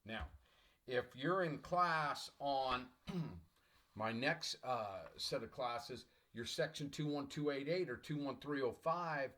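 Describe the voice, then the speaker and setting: His voice sharp and medium in pitch, a middle-aged English professor lectures his online college class slowly. He is emphatic, motivational, and repetitive, and he clears his throat a lot.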